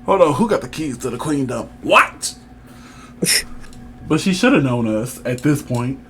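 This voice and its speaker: A man co-hosting a casual review chat, animated and teasing as he leads the talk. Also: medium pitch, unhurried, a little hiss or hum. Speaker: podcast co-host.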